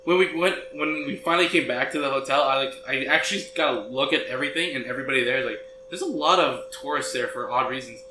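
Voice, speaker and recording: A man's voice: medium pitch, fast talker, few pauses, roomy sound, background noise. A man co-hosting a podcast, joking and interrupting in casual chat. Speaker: podcast co-host.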